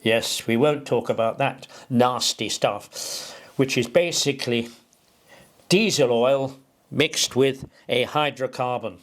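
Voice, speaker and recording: A man's voice: medium pitch, fairly even intonation, slow pace. A man giving an informal engineering explainer, rambling and digressive, with homely analogies and emphatic delivery. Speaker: presenter explaining an engineering idea.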